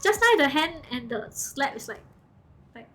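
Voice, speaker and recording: A young woman chats to her stream in a high, bright-toned voice. She is animated and giggly and keeps checking in with okay and like. Soft music plays faintly behind her. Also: normal speed. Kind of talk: casual storytelling to chat.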